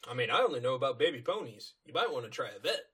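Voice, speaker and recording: A man co-hosting a casual chat, chiming in with quick, wry asides during a plot recap. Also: mid-range voice, very animated, pushed and bright, slightly rough. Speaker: podcast co-host.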